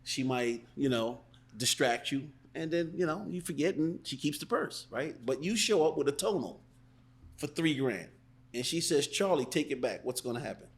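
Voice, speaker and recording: A man talking as a sales coach on a podcast, who keeps slipping into quick role-played customer and salesperson lines. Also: mid-range voice. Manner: animated, acts out sales calls in different voices. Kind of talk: casual interview chat.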